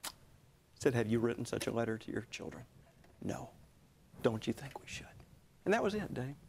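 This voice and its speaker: A man in his sixties, a guest author telling a personal story in a television interview, earnest and at times dropping to hushed tones. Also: mid-range voice, big pitch swings, moderate pace, gravelly, a little hiss or hum.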